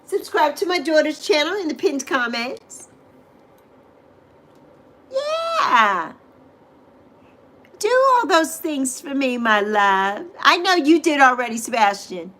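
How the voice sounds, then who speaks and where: A woman's voice: sits high, lively intonation, moderate pace, hardly any pauses, a bit bright. A middle-aged woman hosting a casual livestream, greeting viewers by name and repeating phrases with gushing affection. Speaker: livestream host.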